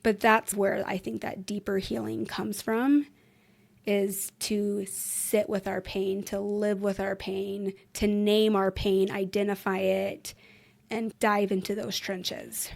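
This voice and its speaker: This is a woman therapist talking on a podcast. Her voice is gravelly and of middle pitch. She sounds calm and reflective, and she gently coaches her listener with repeated rhetorical questions. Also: slow pace. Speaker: therapist guest. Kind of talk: podcast conversation.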